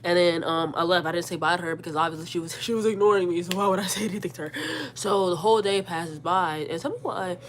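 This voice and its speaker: A woman's voice: on the low side, quick pace, a little hiss or hum. A young woman telling a personal story in a casual, slangy way, repeating words and acting out what people said. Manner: animated, slangy, repeats words, acts out quotes. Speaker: storyteller vlogger.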